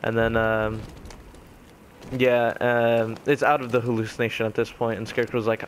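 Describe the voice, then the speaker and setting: A young man casually retelling a video game ending, rambling with many fillers and quickly mimicking the characters' lines. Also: medium pitch, flat delivery, a little hiss or hum. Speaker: gaming commentator. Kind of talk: casual spoken game recap.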